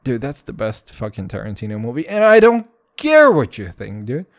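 A man's voice: mid-range voice, sing-song, moderate pace, no room sound, studio quality. A man chatting casually in a vlog, rambling and swearing, often repeating "dude" and "all right".

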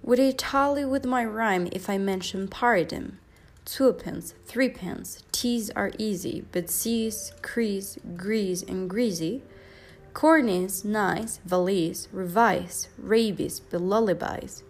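A woman reciting a long pronunciation poem slowly, one word at a time, as a teacher would. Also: medium pitch. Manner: slow, deliberate word-by-word recitation.

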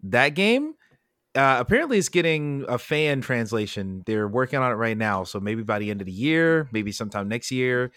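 A young man riffing on a podcast, loose and profane, quick to get excited. His voice sits in a middle register, recorded dry and close with no room around it. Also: medium pitch, dry recording. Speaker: podcast co-host. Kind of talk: casual podcast chat.

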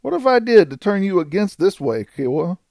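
A man voicing a coarse, desperate male outlaw in an audiobook, with rough frontier dialect. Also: medium pitch, lively intonation, moderate pace, a little mellow, no echo, studio quality, lightly acted. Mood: alarmed.

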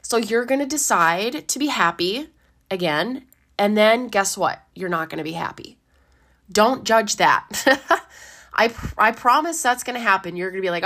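A woman, a life coach giving a gentle, encouraging talk with a slightly dry throat, who laughs often and acts out inner voices. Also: medium pitch, animated, moderate pace. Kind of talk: casual motivational talk.

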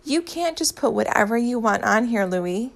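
A woman voicing an indignant, theatrical young man who gets worked up and speaks in slow, emphatic bursts. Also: fairly high pitch, creaky. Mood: exasperated. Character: indignant dramatic young man, easily outraged.

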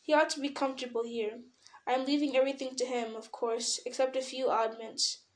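A woman's voice: high-pitched, fairly even intonation, a little fast, close to an everyday voice. A woman reading old hobbit Bilbo, fretful and stubborn. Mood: weary. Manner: fretful, turns sharp and defensive. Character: elderly male hobbit, fussy, stubborn, possessive.

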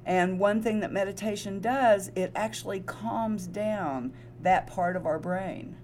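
A woman co-hosting a wellness talk show as a nurse. She affirms her partner warmly and explains things in casual chat. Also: medium pitch, unhurried, a little hiss or hum. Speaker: co-host, registered nurse.

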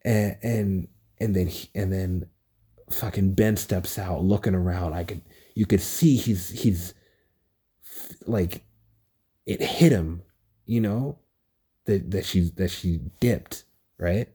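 Low husky man ranting excitedly. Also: slow pace, long pauses. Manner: excited, rambling, swearing often. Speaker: podcast host. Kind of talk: casual solo rant. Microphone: phone recording app.

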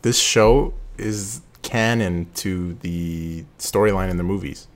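Man, very low pitch, casual podcast chat, agreeable, chiming in. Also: takes it slowly.

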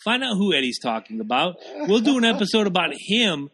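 A man co-hosting a podcast in casual, profane chat, prone to loud rants. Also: high-pitched, big pitch swings, a little fast, husky. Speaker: podcast co-host.

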